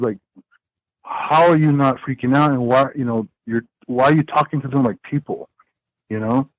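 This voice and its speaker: A man of middle pitch rambles through a story with lots of "uh" and "you know," talking as a podcast guest. The sound is dry and close, with no room echo. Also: lo-fi sound. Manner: rambling, animated storytelling with many fillers and restarts. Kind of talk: casual storytelling in a podcast interview.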